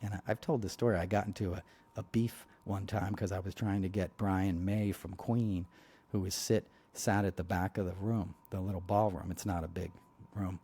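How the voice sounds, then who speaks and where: A podcast host speaks in a fairly low, mellow voice. He talks bluntly and heatedly, rambling through asides and filling gaps with "you know." The delivery is loose and conversational, like a monologue to regular listeners. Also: steady tone, normal speed, breathy edge. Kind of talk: casual political monologue.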